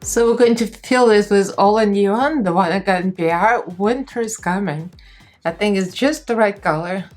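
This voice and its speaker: A woman's voice: mid-range voice, moderate pace, darkish tone, soft background music. A young woman with a Russian accent chatting casually through a makeup tutorial, laughing often and talking in loose, easy phrases. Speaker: makeup vlogger.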